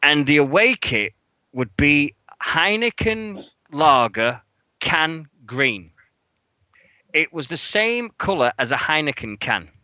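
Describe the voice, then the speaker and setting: Radio co-host, man, bright and punchy, dry close studio sound, animated storyteller who swears. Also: slow pace, no echo, poor audio. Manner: animated storyteller, swears, pitch jumps when acting out his outrage. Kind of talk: casual storytelling chat.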